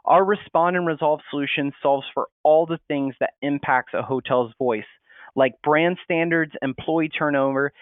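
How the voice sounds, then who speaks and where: Man, marketing presenter, webinar talk, steady and explanatory, dry and tinny. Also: a little high, no room sound. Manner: steady, explanatory, reads sample replies aloud. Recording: tinny phone-like audio, dry.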